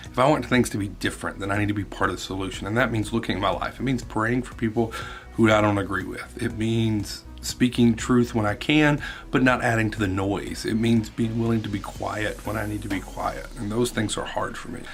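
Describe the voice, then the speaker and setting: A man's voice: lowish voice, steady tone, a little fast, faint music behind. A man who is a youth minister, talking in a casual vlog. He reflects candidly and rambles.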